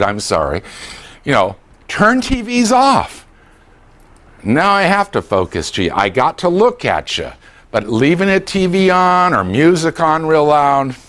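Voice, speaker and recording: Older man, caregiving trainer, lively swooping pitch, humorous, plays out dialogue. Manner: animated, jokey, acts out voices. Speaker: dementia care trainer.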